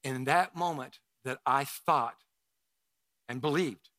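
Bright-voiced preacher man, dry sound. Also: mid-range voice, takes it slowly, no room sound. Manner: emotional storytelling with frequent restarts and repeated words. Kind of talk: sermon with personal story.

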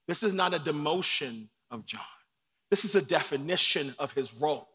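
A man preaching a sermon from the pulpit, dropping to hushed lines and climbing to shouts. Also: medium pitch, normal speed. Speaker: pastor. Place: church sanctuary.

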